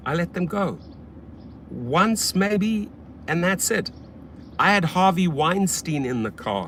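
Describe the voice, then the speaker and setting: A man with a fairly high voice talks casually on a livestream from his car, blunt and profane. He shifts from loud, pumped-up hype to low, half-muttered asides. A faint hum of noise sits behind him. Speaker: rideshare driver livestream host.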